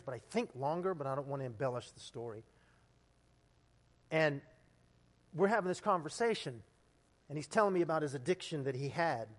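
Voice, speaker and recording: A man preaching a sermon as pastor, telling stories and building to loud, emphatic peaks. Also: fairly high pitch. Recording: long hall reverb.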